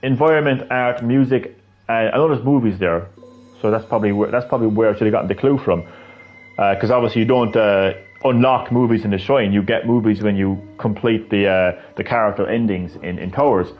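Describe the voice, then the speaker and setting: A man's voice: fairly low pitch, brisk, lo-fi sound, soft background music. A man live-streaming a video game, with rambling, profane, ranting commentary.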